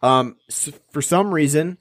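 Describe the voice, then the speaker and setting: A man's voice: fairly high pitch, a little slow, no echo, clean studio sound. A man co-hosting a podcast, chatting casually about a film, rambling with many restarts and fillers. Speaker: podcast co-host. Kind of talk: casual film review chat.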